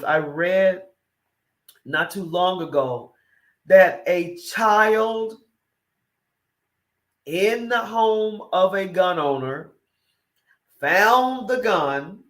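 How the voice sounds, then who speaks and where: A woman hosting a morning talk show, giving an opinionated monologue that is emphatic and repetitive, full of rhetorical questions. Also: fairly low pitch.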